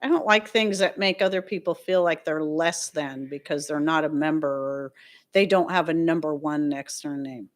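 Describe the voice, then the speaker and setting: A woman's voice: low-pitched, moderate pace. A woman hosting a casual home livestream, chatting loosely with viewers, laughing often and wandering off into asides. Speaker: livestream host.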